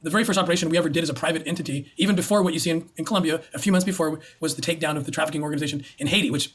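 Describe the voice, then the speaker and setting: A man's voice: fairly high pitch, rapid-fire, a bit bright, slightly rough. A man talking as an interview guest in an earnest, emphatic storytelling way. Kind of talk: interview conversation.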